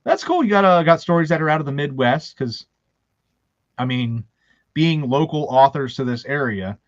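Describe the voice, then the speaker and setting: A man's voice: fairly high pitch, expressive, moderate pace, no room sound. Guy hosting a chat, faint baltimore accent, rambly stories, kinda dull dry audio. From Baltimore, USA. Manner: rambling, anecdotal, laughing often. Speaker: host. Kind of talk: casual chat.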